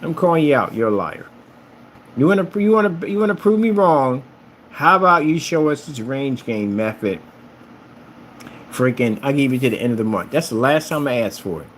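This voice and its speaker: A man's voice: mid-range voice, animated, normal speed, a little hiss or hum. A man who makes screen paint rants at a rival in a combative, mocking tone, repeating his jabs. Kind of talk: ranting vlog.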